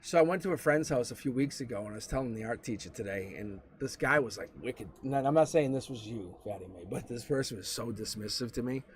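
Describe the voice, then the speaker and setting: A man's voice: mid-range voice, fast talker, hardly any pauses, slight background noise. A man giving a live-stream tarot reading, talking bluntly and with plenty of profanity as he tells stories to the viewer. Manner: blunt, profane, animated storytelling. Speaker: tarot reader.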